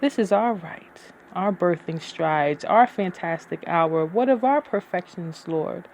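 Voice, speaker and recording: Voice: mid-range voice, expressive, a little slow, slight background noise. A poet giving a dramatic, brooding poetry reading with uneven pacing.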